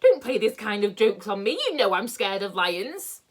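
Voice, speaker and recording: A woman's voice: medium pitch, sing-song, moderate pace. A woman reading aloud, voicing a snappy, fussy old washerwoman. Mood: scared. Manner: snappy, loud.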